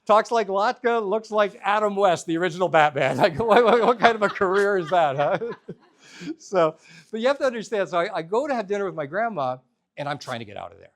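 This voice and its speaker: A man telling a personal story to a live audience, in an animated, humorous, conversational way. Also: sits high, a little fast.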